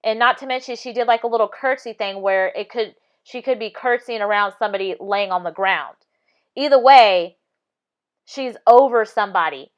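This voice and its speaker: A woman's voice: medium pitch, moderate pace, smooth, muffled recording. A woman giving casual commentary over video clips, talking insistently, repeating her points and restarting mid-sentence. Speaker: video analysis vlogger.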